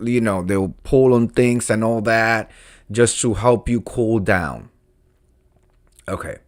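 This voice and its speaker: A man hosting a casual live stream, reading forum posts aloud with animated, mocking asides and some stuttering. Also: medium pitch. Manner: animated, mocking, swings to loud outbursts; stutters and restarts.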